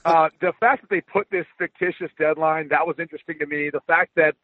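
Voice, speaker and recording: Calling in on a thin, phone-like line, a male guest analyst breaks down football casually and conversationally, dropping filler ums. His slightly high, dry voice runs a little fast, with no room sound.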